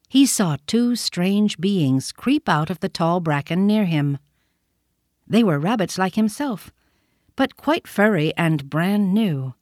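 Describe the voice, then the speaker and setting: A woman narrating a children's storybook in a gentle, measured reading. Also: fairly low pitch, no room sound, clean studio sound.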